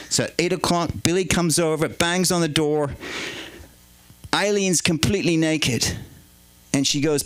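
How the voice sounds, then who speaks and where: A man's voice: a little high, expressive, normal speed, fairly bright tone, dry recording, rough recording. A man doing crude stand-up comedy in a club, chatting with and teasing the crowd.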